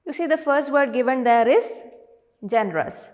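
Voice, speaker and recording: A woman teacher with an Indian English accent, speaking in a fairly high voice. She draws words out slowly to show their syllables and answers her own questions to the class. Her voice carries a long reverberant tail, as if recorded in a large hall. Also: animated, darkish tone. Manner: slow, drawn-out pronunciation of words when showing their syllables; asks the class questions and answers them herself. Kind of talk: online classroom lesson.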